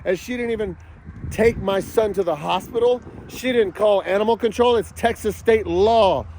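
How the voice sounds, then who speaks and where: A man ranting angrily to camera, yelling and cursing in a furious outburst. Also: high-pitched, moderate pace, slight background noise. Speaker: father vlogging about a custody battle. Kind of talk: angry outdoor rant to camera.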